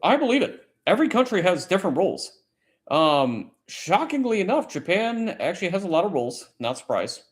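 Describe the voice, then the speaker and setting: A man who serves in the military hosts a casual late-night chat stream, rambling through a long, profane story. His voice sits high, swings widely in pitch, and moves a little fast.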